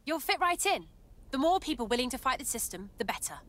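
A woman's voice: high voice, sing-song, fast talker, a bit bright. An actress playing an eager young female resistance recruit in a video game.

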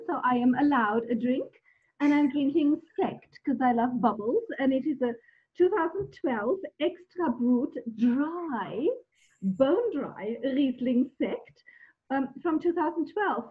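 A woman's voice: high-pitched, lively intonation, a little slow. Woman on a tinny call line. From Germany. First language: German. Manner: enthusiastic, descriptive, frequent ums. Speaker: guest wine expert. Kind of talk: conversational video discussion. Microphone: video call.

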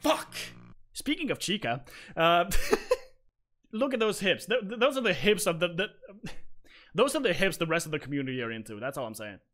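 A man's voice: on the high side, very animated, normal speed, fairly bright tone. A young man streaming a horror game live, swearing freely and bantering with his chat. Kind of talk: live gameplay commentary.

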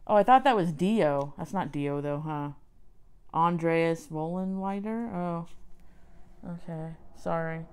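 A woman's voice: lowish voice, slow pace, a little mellow, clean tone. Wry woman reading an old magazine aloud. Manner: wry, self-mocking, exclaims over finds. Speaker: podcast host.

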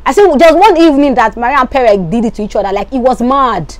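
A woman's voice: a little high, fast talker, dry recording. A woman, chatting casually as she recaps reality show gossip with lots of asides. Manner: chatty, animated, lots of "you get me".

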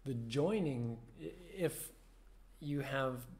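Slow, gravelly-voiced man giving a meditation talk. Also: mid-range voice. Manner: slow, thoughtful, with soft laughs and fillers. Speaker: meditation teacher. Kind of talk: reflective dharma talk.

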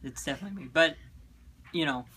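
A man's voice: a little high, quick pace, background noise. Young man co-hosting a casual vlog, dry teasing humor. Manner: joking, teasing. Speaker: guest co-host. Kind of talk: casual sibling chat.

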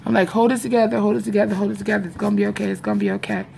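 Young woman, casual vlogger, gravelly voice, confiding and repetitive, faint background noise. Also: medium pitch, fairly even intonation, rapid-fire, darkish tone. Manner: rambling and confiding, repeats herself, addresses viewers as y'all. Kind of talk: casual vlog chat to viewers. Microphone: phone or webcam in front of her.

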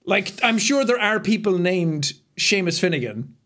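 A young man with an Irish accent, chatting casually as a podcast co-host. His voice sits a little high and swings widely in pitch. He jokes around, laughs a lot and swears freely. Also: very animated, moderate pace, fairly bright tone. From Ireland. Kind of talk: casual chat.

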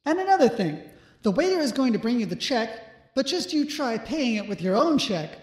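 A woman's voice: fairly high pitch, very animated, normal speed. A woman voicing a chatty, complaining disembodied voice that rambles on. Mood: nagging. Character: nagging disembodied mystery voice, woman. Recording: roomy echo.

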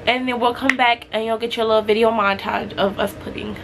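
A woman's voice: on the high side, steady tone, brisk. A teenage girl vlogging casually about doing up her small bedroom, chatty and self-mocking, a little congested from allergies. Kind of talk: casual vlog chat.

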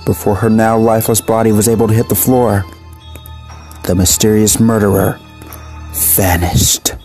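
A man reading a dark horror story aloud in a steady, measured narration. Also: lowish voice, soft background music.

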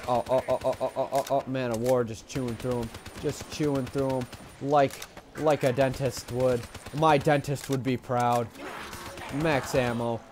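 A young man talks nonstop over a shooter game, his voice at an ordinary middle pitch. He gets excitable, swears freely and loops the same phrase over and over while he thinks. A faint hiss sits under his voice. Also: moderate pace. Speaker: gameplay commentator. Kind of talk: live gameplay commentary.

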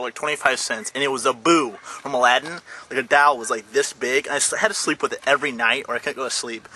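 A man's voice: mid-range voice, sharp tone, a little hiss or hum. A young adult man chatting casually in a daily vlog, goofy and rambling. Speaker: vlogger.

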